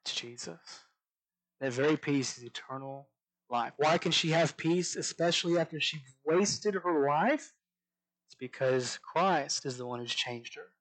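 Pastor, higher voice, slow emphasis. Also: male voice, poor audio. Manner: slow emphatic scripture reading, drops to soft voice on key lines. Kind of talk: sermon.

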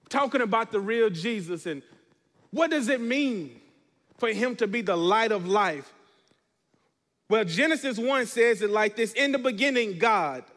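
High-voiced pastor preaching in a hall. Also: male voice, a bit bright. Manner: preaching, asks the congregation to respond. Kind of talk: sermon. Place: church.

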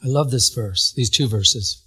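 A man preaching a sermon, telling a personal story with animated, acted-out quotes and frequent laughter. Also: medium pitch, unhurried, husky.

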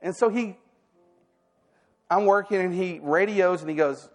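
A man preaching a sermon, telling personal stories and acting out the dialogue with lively energy. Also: high-pitched, moderate pace, pauses often, faint music behind. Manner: animated storytelling, acting out quoted dialogue.

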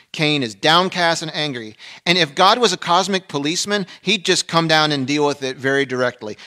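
A man preaching a sermon, dropping to a hush and then rising to emphatic peaks, acting out the people he quotes. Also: fairly high pitch. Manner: swings between hushed and emphatic, acts out quoted voices. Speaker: pastor.

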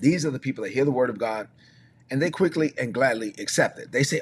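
A male pastor delivering a streamed sermon with steady emphasis, circling back over his points and urging listeners to repeat phrases after him. His pitch sits in an ordinary middle range for a man. There is a faint hiss under his voice. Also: fast. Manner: emphatic, repetitive, prompts listeners to respond.

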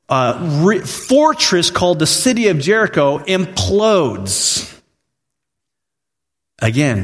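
A man preaching a sermon as pastor, telling a story in an animated way and acting out the voices he quotes. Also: mid-range voice. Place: church sanctuary. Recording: long reverb of a large hall.

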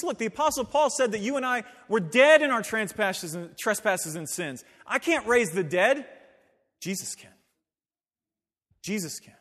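A man's voice: high-pitched, fairly bright tone, long reverb tail. A man preaching a sermon to his church, emphatic with conversational asides. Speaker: pastor. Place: church sanctuary.

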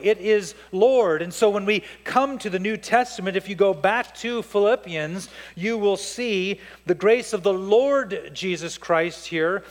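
A man's voice: high voice, unhurried, hardly any pauses, in a large hall. A man preaching a sermon as pastor to his church, with emphatic rises and drops.

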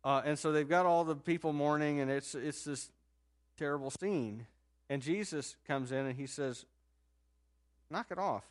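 A man preaching in a loose, conversational way, telling the story with lively swings. His fairly high voice jumps up and gets louder at exciting moments, then sinks soft and low when he quotes. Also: moderate pace. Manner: conversational, animated storytelling with sudden jumps in pitch and loudness; drops to a soft, low voice when quoting Jesus. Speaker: pastor. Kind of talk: sermon.

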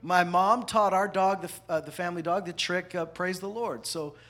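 A man preaching a sermon, animated, swinging between loud emphatic lines and hushed asides. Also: sits high, moderate pace. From parents from the American South. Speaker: pastor.

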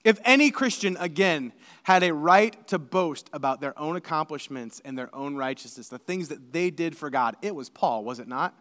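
Animated high-voiced preacher in a hall. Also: male voice, normal speed. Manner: animated, building to emphatic shouted lists. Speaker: pastor. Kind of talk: sermon.

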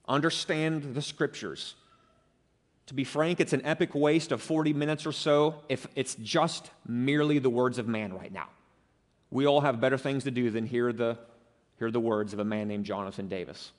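A man's voice: mid-range voice, moderate pace. Earnest male pastor in a reverberant hall. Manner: earnest, emphatic preaching. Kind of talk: sermon. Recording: long church reverb.

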